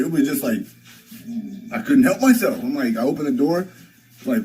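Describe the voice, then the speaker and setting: A livestreamer answers chat by telling his viewers a rambling, profane story, addressing them directly and often restarting and repeating phrases. His medium-pitched voice is expressive, fast and a little mellow, and the audio quality is poor.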